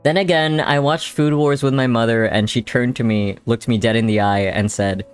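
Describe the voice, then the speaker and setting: A man's voice: mid-range voice, fairly even intonation, moderate pace, few pauses, smooth, soft background music. A young man streaming live while drawing, chatting casually with his chat in a rambling way and swearing freely.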